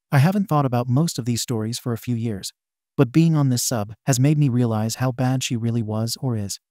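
A man's voice: medium pitch, dark tone, dry recording, studio quality. A man narrating a forum story aloud, reading abbreviations letter by letter.

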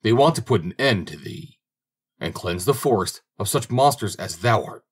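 A man's voice: on the low side, expressive, normal speed, slightly rough. A man voicing a brave young drummer who speaks with confident, boastful assurance in a fairy-tale audiobook. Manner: confident, boastful, slightly raised voice. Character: brave young male drummer, bold and fearless. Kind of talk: audiobook character reading.

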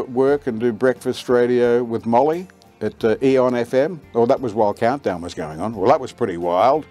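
An older Australian man, a veteran radio announcer and voiceover artist, recalls his career with lively storytelling and acts out quoted lines. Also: medium pitch. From Queensland, Australia.

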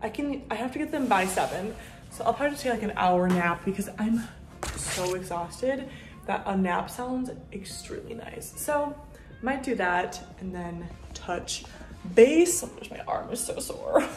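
A woman vlogging in casual chat from her new, mostly empty apartment, gushing and excitable, full of "like" and "oh my gosh". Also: medium pitch, moderate pace. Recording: echoey empty room.

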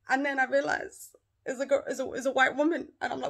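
A woman with a northern English accent tells a story to the camera in her living room. Her voice is bright and forward, and her delivery is animated and full of swearing. It sounds like a casual storytime vlog. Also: high voice, fairly quick, vocal fry. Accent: British, northern English. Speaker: vlogger.

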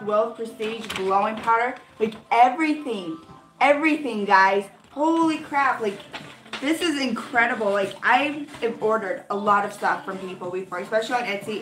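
A young adult woman vlogger chatting casually through an unboxing, gushing and excitable, with lots of 'like' fillers. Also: mid-range voice. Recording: roomy echo with faint music.

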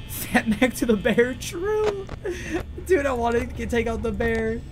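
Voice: medium pitch, animated, a little slow. Panicky, swearing horror-game streamer. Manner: panicky, swearing, nervous giggling; greets and answers chat between scares. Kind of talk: live gaming stream chat. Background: game music and sounds.

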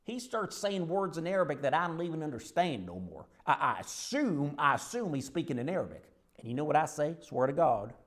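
A man's voice: fairly high pitch, big pitch swings, a little fast, hardly any pauses. An actor playing a Lebanese man who suddenly talks with a folksy American Southern drawl, bewildered at himself. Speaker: patient. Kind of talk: comedy sketch acting.

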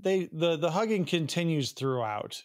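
A man co-hosting a podcast in casual chat, laid-back and quick to laugh. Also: on the high side, expressive. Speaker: podcast co-host.

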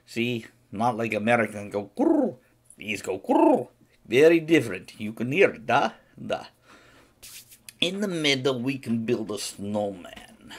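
On a live stream, a man performs a comedic monologue as a boastful, vodka-soaked Siberian, rambling in broken English with a thick Russian accent. His exaggerated, husky, mid-range voice keeps a measured pace while its lively, animated pitch swings up and down under his deadpan jokes.

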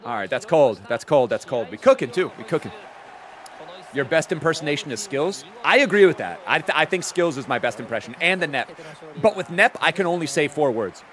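A man's voice: fairly high pitch, lively intonation, brisk, fairly bright tone. A young man streaming games and chatting casually with his viewers in a laid-back way. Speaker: game streamer.

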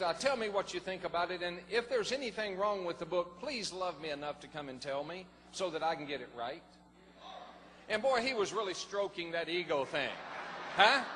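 A middle-aged man, a pastor telling a personal story in a sermon, folksy and animated. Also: high-pitched. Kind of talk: sermon testimony. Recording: long hall reverb, faint noise.

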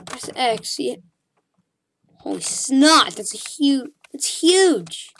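A woman narrates her gameplay in a relaxed, unhurried way, her voice sitting a little high. She chatters and exclaims at whatever pops up on screen. Faint keyboard clicking runs underneath. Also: creaky, slight background noise. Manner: excitable, chatters at the game and shouts at creatures. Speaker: gaming channel host. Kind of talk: casual game commentary.

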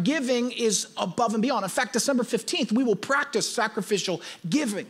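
Man, pastor, sermon, emphatic, repeats points. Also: extremely high pitch.

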